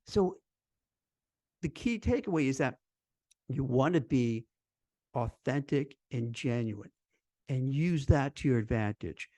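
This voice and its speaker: A man, a recruiter and career coach, giving casual job-interview advice in a chatty, animated way, full of "you know" and "like". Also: mid-range voice, slow pace, pauses often, no room sound. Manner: conversational, lots of fillers like "you know" and "like"; animated, acts out quoted voices. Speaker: recruiter and career coach hosting a live stream.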